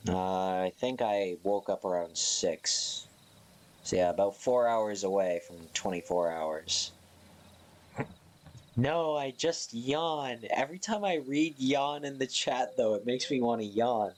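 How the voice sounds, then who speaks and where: A man's voice: on the low side, expressive, slow pace, slight background noise. A young man chatting casually with his stream viewers, sleepy and yawning, giggling between lines. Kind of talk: casual live-stream chat.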